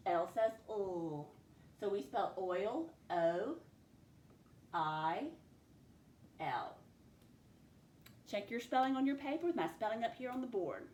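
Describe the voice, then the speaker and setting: Slow, deliberate woman teaching phonics. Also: medium pitch, darkish tone, slight background noise. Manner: slow, stretched sounding-out of words. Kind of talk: phonics dictation lesson. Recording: echoey room with faint ambience.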